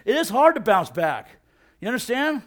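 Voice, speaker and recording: A middle-aged man giving a casual, energetic sermon, peppering his talk with "man" and asking "you know what?". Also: very high-pitched, moderate pace. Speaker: preacher.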